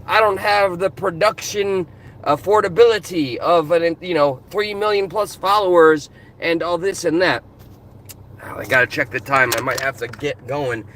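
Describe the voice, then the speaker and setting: Brief: male vlogger, high and bright, passionate car rant recorded on a phone. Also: normal speed. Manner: passionate, animated. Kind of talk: casual ranting commentary. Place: in his car. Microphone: phone camera.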